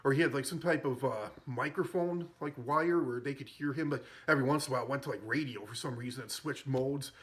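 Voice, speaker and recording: A man's voice: medium pitch, quick pace, hardly any pauses, a bit bright. A man recapping a movie in a casual, rambling way. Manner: rambling, with many fillers and restarts. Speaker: film reviewer.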